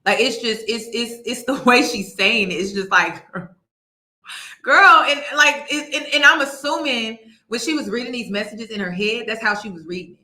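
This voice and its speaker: A woman hosting a reaction commentary, animated, laughing and restarting her sentences. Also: a little high, normal speed, echoey room. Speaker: commentary host.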